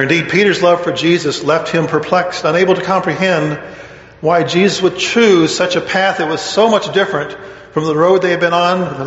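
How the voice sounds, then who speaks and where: Guy preaching a sermon, kinda high voice, earnest, asks lots of questions, long reverb. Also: a bit bright. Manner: earnest, questioning, rises in pitch on read-out quotes. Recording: echoey hall, dull lo-fi sound.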